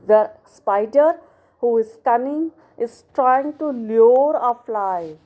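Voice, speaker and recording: Slow, patient woman tutor, Indian English. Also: on the high side, dark tone. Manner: slow, patient, step-by-step explaining. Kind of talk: poem explanation lesson.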